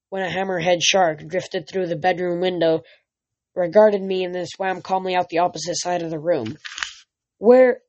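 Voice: mid-range voice, a little mellow. Amateur reader with frequent restarts. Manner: reads with frequent slips and restarts. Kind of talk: amateur audiobook reading. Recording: dull lo-fi recording.

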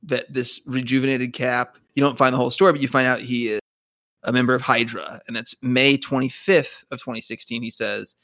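A man's voice: mid-range voice, steady tone, a little fast, sharp tone, no echo. A man co-hosting a podcast, talking in a rambling, enthusiastic way with laughs. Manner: rambling, enthusiastic, many fillers and restarts, laughs. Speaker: podcast co-host. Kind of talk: casual chat.

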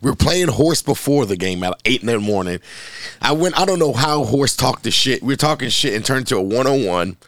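A man's voice: medium pitch, lively intonation, brisk, a bit bright, no room sound, clean studio sound. A man co-hosting a casual sports talk show, joking loosely and swearing freely. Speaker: podcast co-host. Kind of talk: casual chat.

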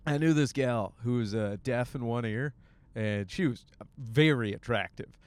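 A young man from Michigan, a stand-up comic hosting his own podcast, rambling crude jokes in casual talk while riding a bus. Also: measured pace. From Michigan, USA. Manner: crude, jokey, animated with sudden high-pitched bits.

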